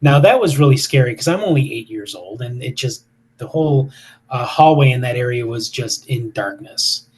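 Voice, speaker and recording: A man's voice: mid-range voice, lively intonation, moderate pace, breathy edge. A man in his fifties, a paranormal investigator, telling stories casually in an interview with many fillers and restarts.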